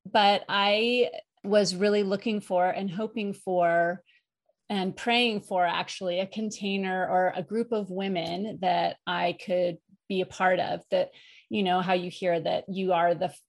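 Earnest woman, a bit halting. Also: lowish voice, fairly even intonation. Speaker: mastermind member and business owner. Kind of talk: casual testimonial.

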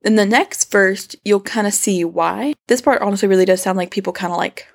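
A woman's voice: mid-range voice, a little fast, vocal fry. A young woman and singer, casually analyzing a rock song in a vlog, chatty and gushing with lots of "like" and "kinda". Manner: chatty, upbeat, filler-heavy with "like" and "kinda"; enthusiastic, gushing about the singer. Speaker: music reviewer breaking down a song; singer herself.

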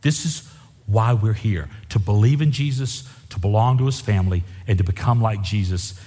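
A husky-voiced man delivers a folksy, emphatic sermon, driving his points home by repeating them. His voice carries a long reverb through the church sanctuary. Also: lowish voice, normal speed, mellow. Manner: folksy, emphatic preaching with repetition. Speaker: pastor.

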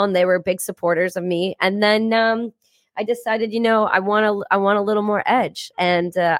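A woman in her thirties, a podcast guest, talking in a blunt, profane and energetic way in a casual interview. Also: medium pitch, dry recording, clean studio sound.

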